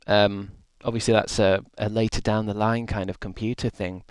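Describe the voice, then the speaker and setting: A man's voice: on the low side, level tone, moderate pace, smooth, no room sound. A young man streaming live, rambling in casual chat and reading out his chat. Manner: rambling, chatty, reads and answers chat.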